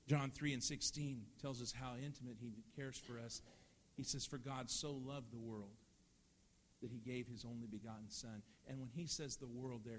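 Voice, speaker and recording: Male pastor, middle-aged, earnest sermon, medium pitch, loud peaks and hushed asides, faint noise behind. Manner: earnest preaching, swings from loud emphasis to hushed tones.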